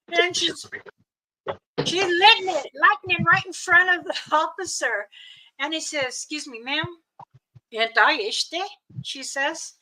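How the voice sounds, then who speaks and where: A woman's voice: very high voice, measured pace, long pauses, pushed and bright, slight background noise, low-quality recording. An older woman from Montana telling family stories on her channel in a rambling way, with chuckles. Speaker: storyteller, channel host. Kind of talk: casual storytelling.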